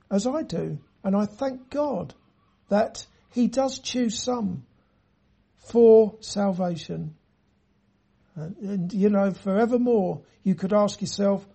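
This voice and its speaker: Preacher, sermon, slow and measured, mellow husky voice, earnest scripture reading. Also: mid-range voice. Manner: addresses listeners directly.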